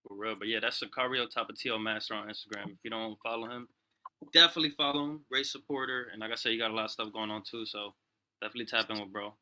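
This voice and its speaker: A man's voice: lowish voice, fairly even intonation, fast, sharp tone. A man hosting a music review show, chatting casually and calling everyone "bro". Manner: laid-back, peppers talk with "bro". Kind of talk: casual slangy chat.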